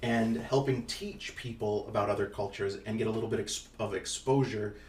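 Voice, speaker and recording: A father co-hosting a casual podcast chats in a fairly low, darkish voice with a steady tone and moderate pace. He rambles playfully, full of ums and restarts. The audio sounds distant from the mic in an echoey room, with faint noise.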